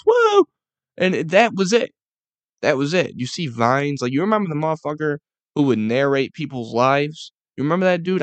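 A man's voice: mid-range voice, no room sound. Profane ranting young man. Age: 20s. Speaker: podcast host. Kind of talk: casual monologue.

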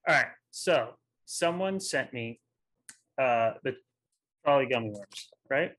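A man in his twenties co-hosting a podcast in a relaxed, chatty way. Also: mid-range voice, slow pace. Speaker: podcast co-host. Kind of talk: casual chat.

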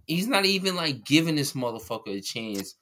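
A man's voice: on the high side, sing-song, fairly quick, fairly bright tone. A man co-hosting a casual sports podcast, ranting heatedly with lots of swearing. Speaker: podcast co-host.

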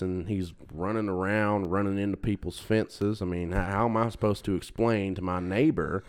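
A man with a very low, deep voice telling stories on a casual podcast. He is animated and swears freely, and he laughs at his own tales as he goes. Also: moderate pace, few pauses, smooth. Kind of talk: casual storytelling chat.

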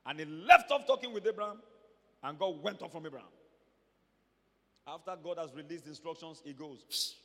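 A man preaching a sermon to a church, moving between quiet asides and emphatic, shouted lines. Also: fairly high pitch, fairly quick, long pauses, in a large hall.

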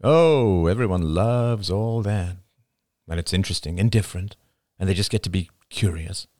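A man reading the lines of a blunt, guarded man with grim views, in a flat, terse manner. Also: low-pitched, normal speed, no room sound, clean studio sound, close to an everyday voice. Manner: flat, terse, matter-of-fact. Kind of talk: audiobook character reading.

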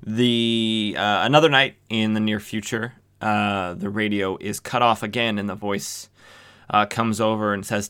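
A man's voice: lowish voice, normal speed, bright, forceful tone. Sarcastic man recapping old comics. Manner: joking and sarcastic, with frequent fillers. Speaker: comic book podcast host.

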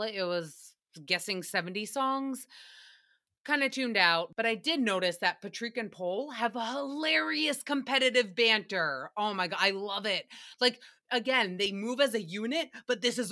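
A young adult woman hosting a casual recap podcast, talking in an animated, playful way and slipping into silly voices. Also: mid-range voice. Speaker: podcast host.

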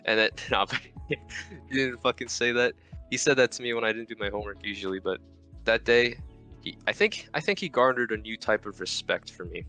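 A man's voice: medium pitch, fairly quick, pushed and bright, faint music behind. A young man, a podcast guest, telling a rambling, self-mocking story in casual chat over a voice call, swearing often.

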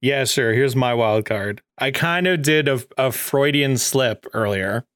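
A man's voice: mid-range voice, measured pace, fairly bright tone, no room sound, studio quality. A man co-hosting a casual podcast, rambling playfully and laughing often. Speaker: podcast co-host. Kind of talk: casual chat.

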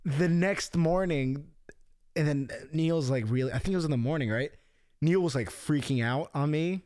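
Young guy, casual podcast talk, animated storyteller, dry close sound, swears a lot. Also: a little high, moderate pace, dry recording. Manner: animated storyteller, swears freely, acts out quotes. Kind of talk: casual chat.

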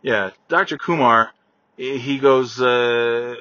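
A man talking casually while driving his car, ranting with lots of swearing and yelling at other drivers. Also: mid-range voice, moderate pace, no echo, lo-fi sound. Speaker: vlogger.

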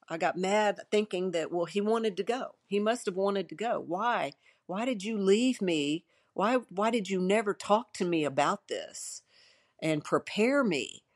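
A woman pastor, older, sharing a personal testimony in an earnest, emotional way with many restarts. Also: medium pitch.

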